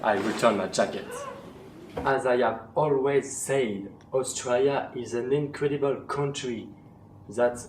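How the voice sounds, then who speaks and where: A man's voice: medium pitch, a little slow, noisy background. A young Frenchman with a French accent, narrating a playful, mock-outraged comic vlog in English. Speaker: vlogger.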